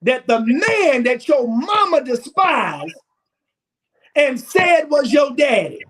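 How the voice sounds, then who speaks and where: High-voiced man preaching to a panel. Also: very animated, slow. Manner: preaching cadence, rising to shouts, voices children's quotes. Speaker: talk show panelist. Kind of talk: impassioned talk show discussion.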